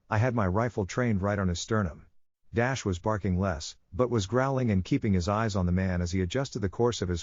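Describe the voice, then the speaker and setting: A man with a fairly low pitch grips the listener with a tense horror story told in the first person, shouting the quoted bits. There's no echo on the dry, dull, lo-fi recording.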